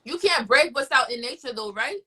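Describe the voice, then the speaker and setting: A woman's voice: sits high, animated, brisk, sharp tone, breathy edge. Woman, casual chat, profane, fired-up ranting. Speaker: host.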